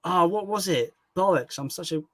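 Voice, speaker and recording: A British man in a loose livestream chat, his voice slightly high. He talks candidly, swears without a second thought and mocks himself. The sound is dry and close. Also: animated, normal speed, no room sound. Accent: British English. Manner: candid, swears freely, self-mocking.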